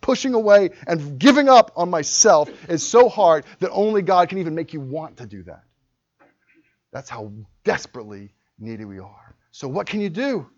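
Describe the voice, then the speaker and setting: Male pastor, fervent sermon delivery, lively pitch swings, muffled lo-fi recording. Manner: impassioned, swings from hushed to loud.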